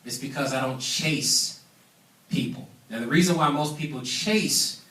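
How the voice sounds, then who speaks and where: A man's voice: mid-range voice, measured pace, fairly bright tone. A man giving an emphatic business training talk to a live audience, preaching his points and calling for responses. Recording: echoey room, mic at a distance.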